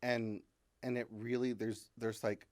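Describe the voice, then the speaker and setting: A woman from Kentucky, a comedian and writer, talking as a podcast guest in casual chat. She is animated and self-deprecating, laughs often, and uses many fillers. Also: a bass voice, measured pace, dry recording. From Kentucky, USA. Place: podcast studio.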